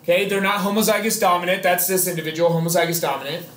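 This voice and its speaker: A man's voice: high voice, fairly even intonation, racing, fairly bright tone. A man teaching a biology class, chatty and joking, quizzing his students as he explains. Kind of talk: classroom lecture. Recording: echoey classroom.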